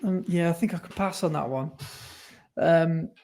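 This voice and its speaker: A man's voice: a little high, normal speed, darkish tone. A man co-hosting a casual podcast, chatty and rambling, often correcting himself mid-sentence. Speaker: podcast co-host. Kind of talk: casual chat.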